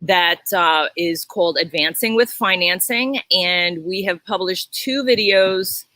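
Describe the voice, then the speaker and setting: A middle-aged woman co-hosting a casual business chat, explaining in a measured way, recorded outdoors on her home deck. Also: on the low side, bright, forceful tone, dry recording. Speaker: co-host.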